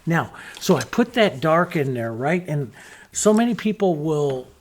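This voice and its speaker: A man's voice: on the high side, big pitch swings, a little slow, a little hiss or hum. A middle-aged man teaching painting, talking easily and thinking aloud as he works, with frequent fillers. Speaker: painting instructor. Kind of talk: relaxed step-by-step painting demonstration.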